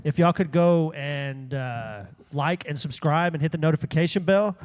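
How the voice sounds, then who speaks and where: A man's voice: fairly high pitch, moderate pace, smooth. Man chiming in on a podcast. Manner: chimes in, echoing lines. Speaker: podcast co-host. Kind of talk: casual chat.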